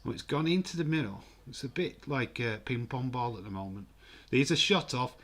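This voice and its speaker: A man giving casual, excitable live football commentary and reading out viewer comments. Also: medium pitch, normal speed. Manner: chatty, excitable, reads viewer comments aloud. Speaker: host of a live football watch-along.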